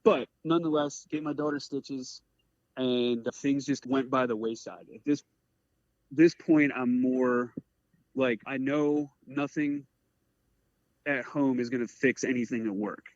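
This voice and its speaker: A man in his forties from the Eastern Shore of Maryland, a career firefighter telling a personal story in an earnest, halting way full of "like" fillers. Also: medium pitch, steady tone, no echo. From Eastern Shore of Maryland, USA. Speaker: career firefighter, podcast guest. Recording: dry, slightly muffled audio.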